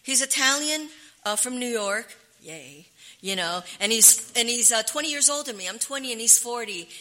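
A woman's voice: a little high, expressive, moderate pace, sharp tone. A woman sharing her recovery story at a meeting, candid and emotional, often restarting her sentences.

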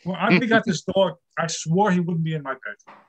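A man's voice: high-pitched, fairly quick, fairly bright tone. An older man performing a stand-up comedy set, telling wry, self-deprecating jokes about his marriage.

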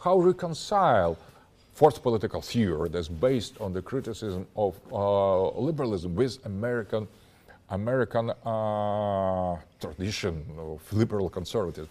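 Halting, lecturing man with a mellow voice. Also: lowish voice, expressive. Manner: halting, searching for words with frequent restarts; lecturing, building an argument step by step. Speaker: interview guest. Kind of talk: interview, extended explanation.

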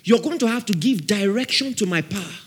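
A man preaching a sermon with fervor, calling out to his congregation and rising at times to shouts. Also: sits high, lively intonation, brisk, breathy edge. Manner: fervent, calls out to the congregation.

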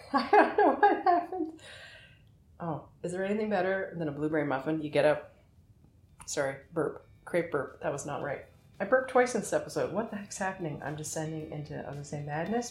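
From her home kitchen, a middle-aged podcast host with a deep, slightly mellow voice chats casually in a reverberant room. She keeps eating as she talks, joking at her own expense.

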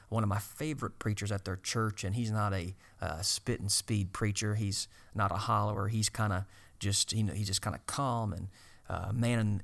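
A man preaching to fellow preachers, earnest and exhorting, often pausing on filler sounds. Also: fairly low pitch, gravelly.

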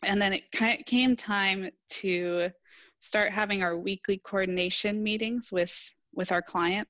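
A woman's voice: medium pitch, fairly bright tone, no room sound. A young adult woman engineer, a podcast guest, answering earnestly and reflectively in casual interview talk. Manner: earnest, reflective, quotes herself in dialogue.

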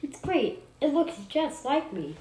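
Woman reading an uneasy young girl, slightly raised pitch, slow, echoey room. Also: big pitch swings, dark tone. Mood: awkward. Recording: roomy echo, faint noise.

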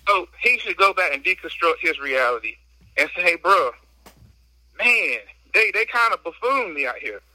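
High, bright-voiced man venting on a walk. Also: lively intonation, moderate pace, no room sound, poor audio. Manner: emphatic, slangy venting. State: slightly out of breath from walking. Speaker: podcast guest. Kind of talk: casual podcast chat. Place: outdoors on a walk.

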